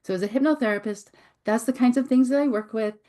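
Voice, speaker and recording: A middle-aged woman hosting her own show, a hypnotherapist giving a reflective teaching talk with pauses and restarts. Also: fairly high pitch, mellow. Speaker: host and hypnotherapist.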